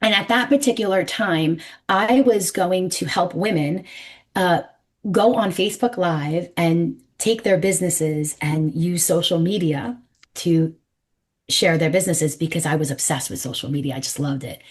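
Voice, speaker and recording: A woman in her forties, a numerologist with a New York accent, is interviewed on a podcast and tells her story animatedly and emphatically, voicing the people she quotes. Her pitch is on the low side and her speed normal.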